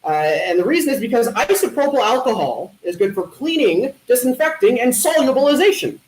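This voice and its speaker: Man telling deadpan puns in an echoey room. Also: very high voice, brisk. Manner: deadpan punning delivery with hesitant fillers. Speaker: talent show comedian. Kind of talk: stand-up one-liners.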